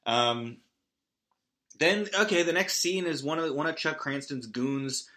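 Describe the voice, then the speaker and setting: A man hosting a podcast, recapping a movie in a rambling, self-deprecating way with big animated swings. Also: fairly high pitch, measured pace. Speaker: podcast host.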